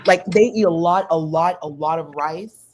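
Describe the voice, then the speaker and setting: A woman's voice: low-pitched, normal speed, darkish tone, a little hiss or hum. A woman co-host in a casual chat, giving cooking tips and explaining each step in turn.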